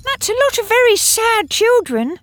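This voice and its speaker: A woman's voice: very animated, normal speed, fairly bright tone, no echo, studio quality, exaggerated voice. A tiny pleading little girl. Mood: wondering. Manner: high, pleading child voice. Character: small tearful girl, eager and clingy.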